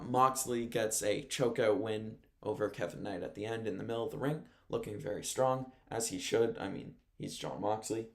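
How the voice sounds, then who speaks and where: Man, sports radio host, casual rambling recap, frequent chuckles, gravelly fry. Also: mid-range voice. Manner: rambling, chuckles often, self-corrects. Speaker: radio host and play-by-play announcer.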